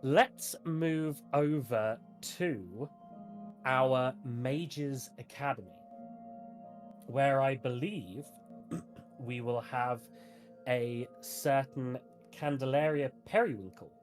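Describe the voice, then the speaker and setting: A woman narrating as game master of a tabletop game in an unhurried way, with hesitant fillers. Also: very deep voice, soft background music.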